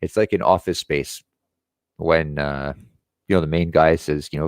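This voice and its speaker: A man's voice: a bass voice, steady tone, normal speed, no echo, clean studio sound. A man hosting an online show, ranting in a sarcastic, profane way. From Quebec. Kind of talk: ranting commentary.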